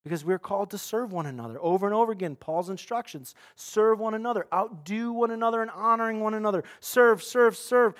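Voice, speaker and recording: A middle-aged man preaching a sermon as pastor, earnest, swinging between loud emphatic lines and hushed, quiet ones. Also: high-pitched, quick pace, hardly any pauses.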